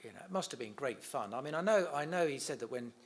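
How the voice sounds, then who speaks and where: A man's voice: mid-range voice, expressive, quick pace. A middle-aged man being interviewed about his late father, telling anecdotes in a chatty way, laughing often and acting out the quotes. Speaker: interviewee, son of a comedian.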